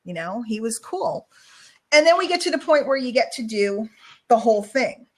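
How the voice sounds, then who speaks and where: A woman hosts a casual web show over a video call, talking at length in a chatty, storytelling way. Her voice sits a little on the high side, and she drifts easily from one tangent to the next. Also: expressive. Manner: chatty, rambling, quick storyteller. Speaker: show host. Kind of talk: casual online show chat.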